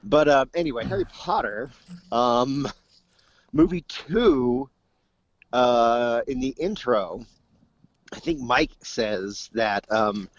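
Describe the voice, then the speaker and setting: Male co-host, mid-pitched, meandering delivery, muffled dry recording. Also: slow pace, long pauses, no room sound. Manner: rambling, many restarts and fillers. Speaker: podcast co-host. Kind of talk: casual chat. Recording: dull, dry lo-fi mic.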